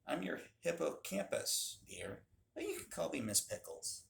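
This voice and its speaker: A man doing a gentle motherly woman. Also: fairly high pitch, big pitch swings, unhurried, vocal fry, voice pushed up, heavily acted. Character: kind older woman, gentle librarian type. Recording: echoey room.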